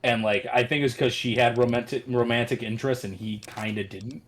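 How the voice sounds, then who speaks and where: A man's voice: medium pitch, steady tone, fairly quick. Rambling, teasing male streamer. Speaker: streamer co-host. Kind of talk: casual gaming chat.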